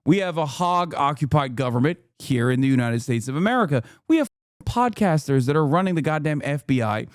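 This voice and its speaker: A man's voice: a little high, expressive, brisk, clean tone, no echo, clean studio sound. A man in his thirties streaming a reaction, ranting and mocking with a sarcastic edge. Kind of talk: live-stream reaction commentary.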